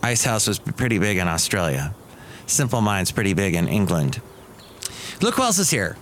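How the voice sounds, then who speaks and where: A man's voice: lowish voice, sing-song, normal speed, fairly bright tone, slight background noise. A middle-aged man hosting a podcast, rambling through a casual comic monologue with restarts and asides. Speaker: podcast host.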